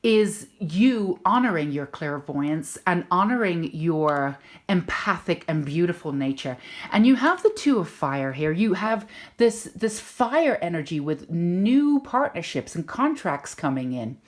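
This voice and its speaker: Woman, slightly low voice, tarot reader; soft, comforting, repeats herself to reassure. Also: sing-song, unhurried. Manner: gentle, reassuring, repeats for emphasis. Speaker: tarot reader and intuitive healer. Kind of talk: spoken pick-a-card tarot reading.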